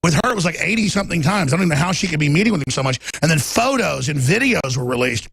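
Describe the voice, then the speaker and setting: This is a male talk show host ranting through a heated political monologue in a high, gravelly, husky voice. His pitch swings wildly and he turns emphatic, even shouting, while the sound stays close and dry. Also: very fast, no echo.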